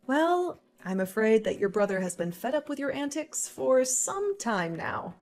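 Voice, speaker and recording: A woman voicing a calm, pregnant young wife who answers her sister-in-law with dry sarcasm, in a dramatized story. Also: sits high, measured pace, faint music behind, full character voice. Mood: cool. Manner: cool, composed, dryly sarcastic. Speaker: voice actor.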